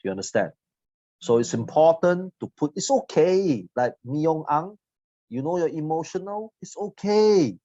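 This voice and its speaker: A man in his forties giving a motivational seminar talk, blunt and teasing, swinging between loud jabs and quiet asides. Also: fairly high pitch, lively intonation, normal speed, dry recording. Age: 40s. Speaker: seminar trainer. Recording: dull lo-fi audio.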